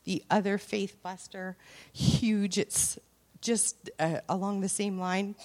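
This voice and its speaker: A woman's voice: medium pitch, little pitch movement, takes it slowly, a little mellow. A woman preaching a sermon in a conversational way, mixing scripture with family anecdotes and rising to emphatic peaks.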